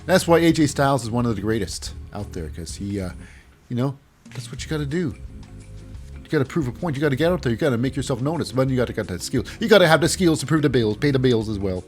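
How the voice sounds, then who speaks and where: A man's voice: mid-range voice, lively intonation, quick pace, faint music behind. A man hosting a casual wrestling recap, rambling with sarcastic asides. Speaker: host.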